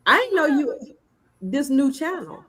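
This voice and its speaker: A woman's voice: high voice, very animated, a little slow, a crowd in the background. A woman co-hosting a gardening livestream, easygoing and chuckling as she talks in casual chat. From Maryland. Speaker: livestream co-host.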